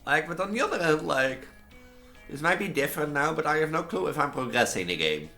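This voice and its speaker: A man's voice: a little high, sing-song, fairly quick, bright, forceful tone, faint music behind. A man casually commenting on a horror game he plays, rambling and musing aloud with many "like"s. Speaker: gameplay streamer. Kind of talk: casual let's-play commentary.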